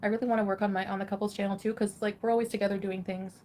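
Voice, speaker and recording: A woman's voice: mid-range voice, level tone, racing, a little mellow, slight background noise. A woman, chatting casually on a livestream in a rambling, giggly way full of fillers. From Canada.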